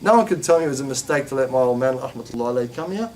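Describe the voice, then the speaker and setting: A man teaching a religious class, talking in an animated way with many rhetorical questions and emphatic repetition. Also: mid-range voice, rapid-fire. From Australia.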